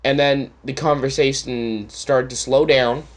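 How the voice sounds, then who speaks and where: A man's voice: medium pitch, fairly even intonation, measured pace. A man from Canada telling a story in a casual, rambling rant, swearing often and sarcastic. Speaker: channel host.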